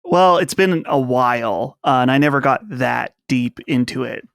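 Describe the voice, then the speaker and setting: A man co-hosting a podcast in casual chat, speaking in a measured, relaxed way. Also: mid-range voice, gravelly, smooth, no echo, studio quality. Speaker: podcast co-host.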